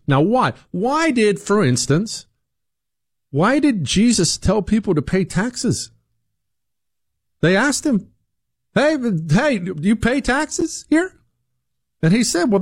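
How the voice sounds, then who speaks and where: A male commentator talking straight to his listeners in an emphatic monologue, his voice leaping up and down in pitch. He repeats words and restarts phrases as he pushes his points. The sound is dry and close, with no room around it. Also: no echo. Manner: emphatic, animated, rhetorical questions, acts out quoted voices. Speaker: political commentator host.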